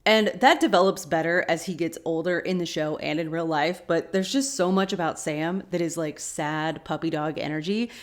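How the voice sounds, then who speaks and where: A woman's voice: low-pitched, moderate pace, few pauses. A woman hosting a rewatch podcast, casually retelling an episode's scenes and adding her own opinions.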